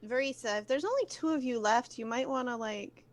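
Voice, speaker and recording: A woman's voice: a little high, fairly quick. A woman playing in a tabletop game, giggly and hesitant. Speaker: player. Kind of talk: casual tabletop play.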